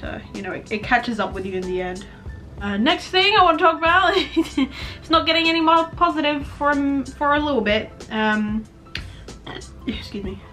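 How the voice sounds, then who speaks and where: Frank young woman with a bright voice. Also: mid-range voice. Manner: frank, rambling, swears casually. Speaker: vlogger. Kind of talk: candid personal vlog talk.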